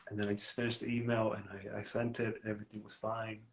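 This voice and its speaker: A man's voice: on the low side, completely flat delivery, quick pace, gravelly, hardly any pauses, very noisy. Slangy man in casual chat. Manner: casual, slangy, full of restarts. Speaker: life coach. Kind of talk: casual live-stream chat.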